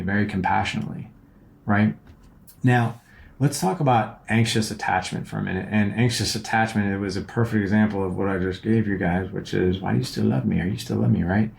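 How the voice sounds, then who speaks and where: A man's voice: fairly low pitch, creaky, a little mellow. A man hosting a podcast, giving casual relationship advice in an earnest, rambling way and often checking in with "right?". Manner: earnest, rambling, repeats words and keeps asking "right?". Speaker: podcast host and relationship coach.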